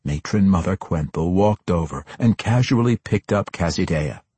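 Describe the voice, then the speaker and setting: A man reading scripted fantasy narration in a measured, expressive manner. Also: low-pitched, husky, no echo. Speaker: audiobook narrator.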